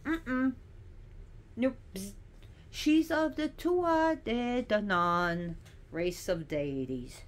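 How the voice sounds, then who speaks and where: A woman's voice: fairly high pitch, drawn-out words. A woman giving a casual teaching monologue, chatty and digressive, with sassy asides.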